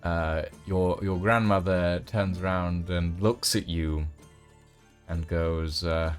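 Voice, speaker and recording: A man runs a tabletop game as game master, narrating slowly with many ums and uhs. His voice sits fairly low. Faint guitar music plays behind him. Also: fairly even intonation, clean tone. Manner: unhurried, full of ums and uhs.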